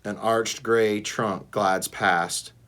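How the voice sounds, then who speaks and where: A man, a teacher, reading a first-person animal novel aloud with expressive delivery. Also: on the low side, extremely slow. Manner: expressive, shifts between voices.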